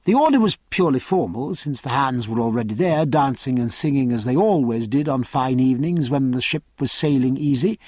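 A man narrating a novel as an audiobook in a measured, steady reading, recorded on a close studio mic. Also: medium pitch, no room sound.

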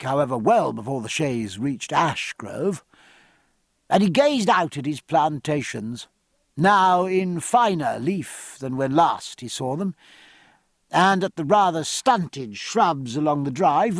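A man reading a novel aloud as narrator, in a measured, expressive storytelling manner. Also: a little high, no room sound, studio quality. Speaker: audiobook narrator. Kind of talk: scripted narration.

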